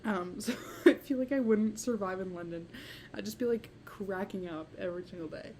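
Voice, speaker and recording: Teen girl, podcast host, casual rambling chat, giggly, mellow tone, faint hiss. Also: mid-range voice, moderate pace. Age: late teens. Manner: rambling, heavy use of "like", giggly.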